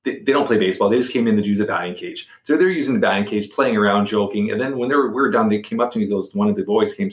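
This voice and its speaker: A man's voice: lowish voice, quick pace, echoey room. A middle-aged man telling a personal story as a podcast guest. He talks casually, repeats words and restarts sentences.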